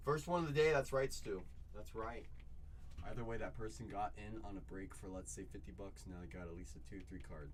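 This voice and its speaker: A man hosting a live card break from a shop, excitedly chatting with viewers, repeating catchphrases and calling out their names. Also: fairly low pitch, normal speed, long pauses, slight background noise. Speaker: livestream card break host. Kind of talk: excited live sales chat.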